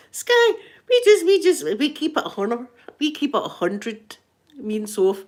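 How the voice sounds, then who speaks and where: A woman's voice: a little high, lively intonation, normal speed. A middle-aged woman with a Scottish accent, chatting casually to camera in a rambling, laughing way. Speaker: vlogger. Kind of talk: casual chat.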